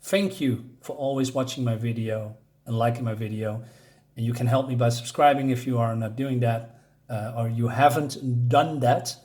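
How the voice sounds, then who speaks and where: A man's voice: medium pitch, fairly even intonation, normal speed, darkish tone. A man whose first language is not English, reviewing a comic in casual, rambling speech full of fillers and frequent chuckles. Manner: rambling, hesitant, many fillers; chuckles often.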